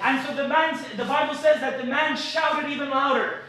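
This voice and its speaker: A man preaching a live sermon at a cafe meeting, telling stories and building up to shouted declarations. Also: very high voice, fairly even intonation, normal speed, very echoey, far from the mic, poor audio. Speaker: pastor.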